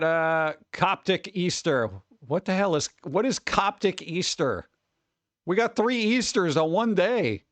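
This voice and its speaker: Here the live-stream host sounds fairly high and a bit bright, with no echo on the close desk mic. He rambles, cracks jokes and talks directly to his chat.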